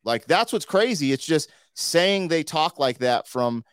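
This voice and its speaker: A man's voice: fairly high pitch, expressive, a little slow, fairly bright tone, smooth, no echo, studio quality. A man hosting a podcast in loose, slangy casual chat, full of "like" and "you know.". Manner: loose and slangy, full of 'like' and 'you know'. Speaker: podcast host.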